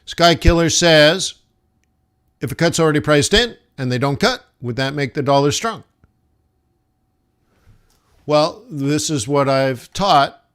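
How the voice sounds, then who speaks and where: A man's voice: fairly high pitch, a bit bright, clean tone. A man live-streaming forex trades, thinking aloud over his charts and talking to viewers as "guys". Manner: slow, musing, talks to chat as "guys". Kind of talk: live trading stream commentary.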